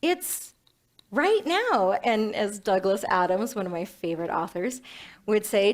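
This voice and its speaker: A woman minister giving a sermon in a playful, animated way, with self-mocking humor. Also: a little high, slow pace.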